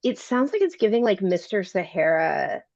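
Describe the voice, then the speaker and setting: A woman co-hosting a podcast, chatting in a relaxed, conversational way. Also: medium pitch, moderate pace, creaky. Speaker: podcast co-host. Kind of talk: casual chat. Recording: dull, dry lo-fi recording.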